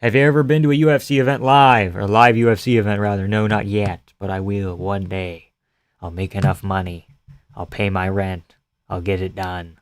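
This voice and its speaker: Smooth-voiced man casually chatting on a stream. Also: lowish voice, steady tone, moderate pace, no room sound. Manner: joking, swears casually. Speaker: live streamer. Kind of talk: casual chat while reading live comments.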